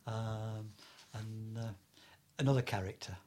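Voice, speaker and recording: A man's voice: on the low side, fairly even intonation, unhurried, a little mellow, a little hiss or hum. An older man from England telling anecdotes in an oral history interview, rambling with many fillers and bursts of laughter. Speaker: interviewee recalling Antarctic fieldwork.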